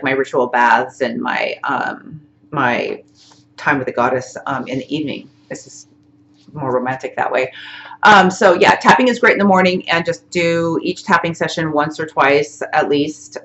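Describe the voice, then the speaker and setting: A woman's voice: low-pitched, a bit bright. Chatty woman coaching tapping, lo-fi. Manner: chatty, repeats "okay?" to check in. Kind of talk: casual instructional talk to camera.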